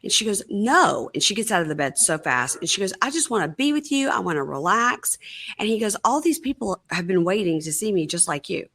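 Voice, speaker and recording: A woman hosting a podcast, casually recapping a reality show episode and acting out the cast's lines in an animated way. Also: fairly low pitch, fairly quick. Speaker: podcast host. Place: her sister's house, dim room.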